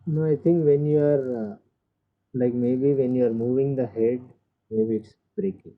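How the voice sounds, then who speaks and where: A man's voice: mid-range voice, steady tone, a little slow. A man taking part in an online class, speaking politely and hesitantly on a video call. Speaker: class participant. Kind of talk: casual remark on a call. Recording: tinny phone-like call line.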